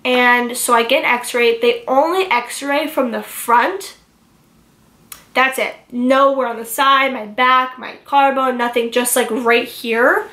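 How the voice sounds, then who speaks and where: A young adult woman telling a personal story to camera, emotional and rushed, with many filler words. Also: high-pitched, fairly even intonation, bright, forceful tone, reverberant. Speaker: vlogger.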